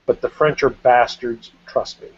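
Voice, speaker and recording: A man's voice: mid-range voice, fairly even intonation, measured pace, slightly rough. A man in casual chat, speaking bluntly and with strong opinions. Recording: dull dry lo-fi recording.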